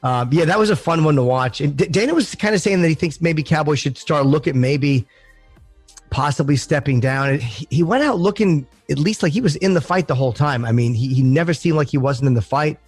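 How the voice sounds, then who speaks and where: A man's voice: on the high side, brisk, breathy edge, dry recording, soft background music. Hesitant man on a dry mic. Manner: relaxed, hesitant, repeats words. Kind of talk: casual chat.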